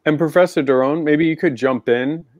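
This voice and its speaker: A man's voice: fairly high pitch, normal speed, darkish tone, no echo, studio quality. A man with an American accent hosting a live panel over a video call, chatty and enthusiastic. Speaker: host.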